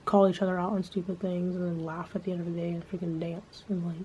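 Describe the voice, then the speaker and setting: A woman's voice: fairly low pitch, little pitch movement, fast, mellow. A woman talking in a casual, rambling monologue, swearing freely and filling her speech with filler words. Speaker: vlogger. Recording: dull lo-fi sound with faint background noise.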